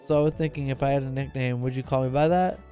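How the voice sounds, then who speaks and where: A young man streaming live, chatting casually and swearing while reading a visual novel, with excitable, repetitive rants. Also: medium pitch, fast talker, soft background music.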